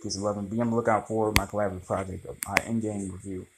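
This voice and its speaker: A man rambling through a casual, animated movie review, swearing freely. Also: on the low side, rapid-fire, noisy background.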